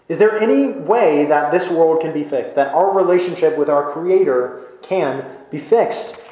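A man's voice: on the high side, darkish tone. Earnest male preacher in an echoey room. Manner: earnest, often adds "right?" to check with listeners. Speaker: pastor. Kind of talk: sermon.

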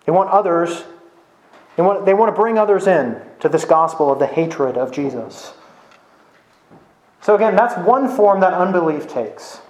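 A male pastor delivers a sermon in a casual, conversational way, often tossing in "right?" to check in with listeners. His voice sits a little high for a man. The sound carries a noticeable room echo. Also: animated, moderate pace, long pauses, darkish tone. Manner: conversational, with frequent "right?" tag questions. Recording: echoey room.

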